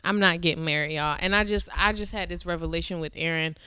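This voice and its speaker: A woman's voice: fairly low pitch, pushed and bright, clear, resonant tone, dry recording. A young woman co-hosting a podcast in casual, outspoken chat. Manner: outspoken, quick to tease and laugh along. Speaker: podcast co-host.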